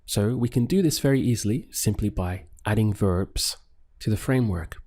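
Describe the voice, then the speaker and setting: A man teaching a language lesson, patiently repeating phrases and pausing for the listener to answer. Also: on the low side, expressive, mellow. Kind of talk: paced language lesson with pauses for practice.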